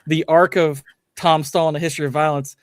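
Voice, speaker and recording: A man's voice: on the high side, steady tone, brisk, dry recording, studio quality. A man co-hosting a casual podcast, talking eagerly and enthusiastically about films. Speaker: podcast co-host, film talker.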